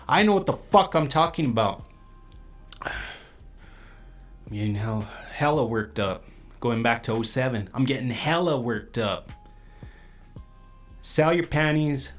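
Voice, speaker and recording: A young man hosting his own podcast, talking in a brash, profane, boastful monologue. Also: medium pitch. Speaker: podcast host. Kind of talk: crude comedic monologue.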